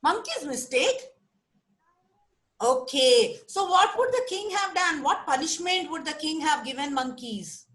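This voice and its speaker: A woman with an Indian English accent telling a story to children on a video call, animated and asking them questions. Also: high-pitched, a little slow.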